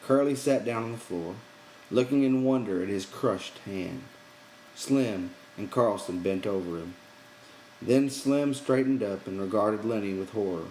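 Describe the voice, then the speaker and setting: Low-voiced man reading an audiobook. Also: warm tone, a little hiss or hum, low-quality recording. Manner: measured storytelling. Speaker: reader. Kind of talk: audiobook narration.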